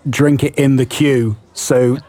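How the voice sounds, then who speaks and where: A man's voice: mid-range voice, fairly even intonation, slow pace, warm tone. A man joining a live radio chat with dry, joking remarks. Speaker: studio guest.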